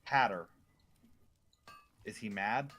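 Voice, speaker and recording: A man's voice: on the low side, slow, a bit bright, breathy edge, highs cut off. A man chatting casually with a friend while playing an online game, telling rambling stories full of fillers. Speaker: co-op gamer. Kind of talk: casual chat while gaming.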